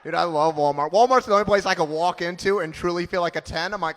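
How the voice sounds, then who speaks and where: A man's voice: high voice, fast, a bit bright, in a large hall. A man in his thirties doing a punchy, self-mocking stand-up comedy set on a club stage. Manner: punchy, self-mocking delivery with acted-out quotes.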